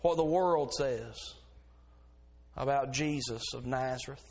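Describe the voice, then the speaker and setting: A man's voice: medium pitch, slow pace, a little mellow. A middle-aged man preaching a sermon as pastor, folksy in his stories and rising to fervent preaching.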